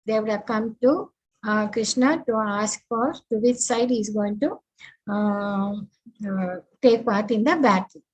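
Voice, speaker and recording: A woman teaching an online scripture class over a video call, unhurried and full of fillers as she walks through her slides. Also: medium pitch, slightly rough, highs cut off. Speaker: spiritual teacher.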